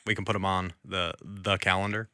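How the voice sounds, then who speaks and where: A man co-hosting a podcast in casual chat, easygoing and agreeable, chiming in with quick yeses. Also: low-pitched, little pitch movement, sharp tone, no echo, studio quality. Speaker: podcast co-host.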